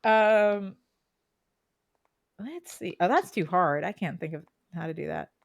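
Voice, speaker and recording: A woman's voice: lowish voice, animated, slow pace, creaky, dry recording. A woman co-hosting a casual podcast chat, laughing often and acting out phrases she quotes. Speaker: podcast co-host. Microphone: podcast microphone, streamed live.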